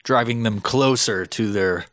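A man co-hosting a casual movie review podcast, cursing a lot and mocking the film in quick asides. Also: lowish voice, a bit bright, no room sound, studio quality. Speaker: podcast co-host.

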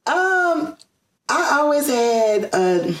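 A woman's voice: high-pitched, big pitch swings, drawn-out words, a bit bright. A woman from Georgia in the US, chatting in a casual interview, rambling with many fillers and restarts and laughing often. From Georgia, USA. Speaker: interview guest. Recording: roomy echo.

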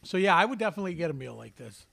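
A man's voice: high voice, big pitch swings, rapid-fire, gravelly, a bit bright, no room sound. A man in his fifties, co-hosting a podcast, who tells joking stories with crude humor in casual chat. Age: 50s. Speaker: podcast co-host.

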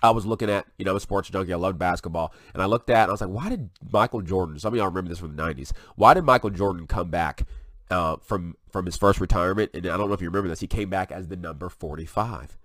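A man hosting a casual preaching vlog, excitable and folksy as he talks through what is on his screen. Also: low-pitched, quick pace, no echo. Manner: excitable, folksy, drawls "y'all". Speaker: online video host.

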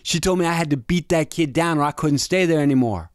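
A man's voice: a little high, quick pace, dry recording, studio quality, pitched above the performer's own voice, lightly acted. A man voicing a distraught young man from his neighborhood who pleads and speaks bitterly. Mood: pleading.

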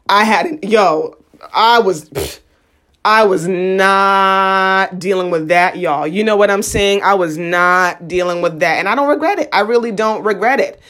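A young woman tells a story straight to the listener in loose, slangy talk. She is animated and jumps into the voices of the people in it. Her voice sits at a middle pitch. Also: normal speed. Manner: animated, slangy, acts out quotes. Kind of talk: casual storytelling monologue.

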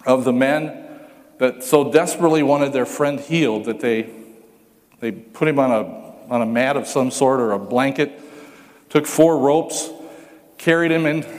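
A pastor preaching a sermon, telling stories with humor and acting out the voices of the people in them. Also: male voice, a little high, long reverb tail. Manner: animated storytelling, acts out voices with humor.

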